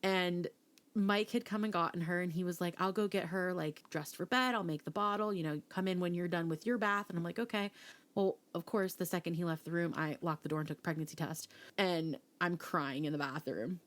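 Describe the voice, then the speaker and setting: Lively storytelling woman, lowish voice. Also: fairly quick. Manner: animated storytelling, acting out quotes. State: pregnant. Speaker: podcast co-host. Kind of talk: casual chat.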